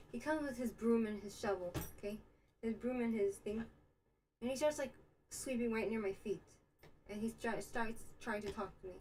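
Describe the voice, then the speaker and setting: Her voice is mid-range and a little mellow, recorded roughly with slight background noise. This young woman from the United States is hosting a livestream in Israel, chatting her way through a story and responding to chat, full of fillers and side remarks.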